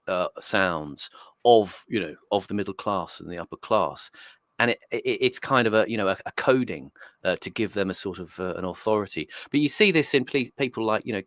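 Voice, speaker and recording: Reflective, low-voiced man from Northeast England. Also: fairly bright tone, no echo. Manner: digressive and reflective, many restarts. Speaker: host. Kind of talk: casual podcast discussion. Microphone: streaming setup mic.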